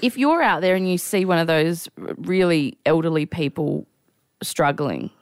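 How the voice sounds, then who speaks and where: A woman's voice: on the low side, expressive, moderate pace, no room sound, clean studio sound. A woman co-hosting a casual podcast, telling an emotional story and getting choked up. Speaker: podcast co-host.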